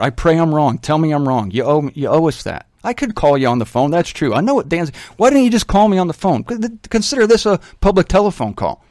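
A man's voice: on the high side, a little mellow, no echo, clean studio sound. A man giving a radio Bible teaching in an earnest, emphatic, pleading manner, at times repeating words.

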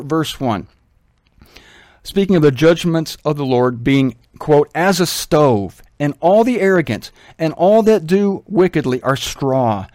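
A man's voice: a little high, a little mellow, no echo. A man with a slightly raised voice teaches the Bible over the radio. He pleads and presses his points earnestly, sometimes repeating words. The sound is dry and close, with no room around it.

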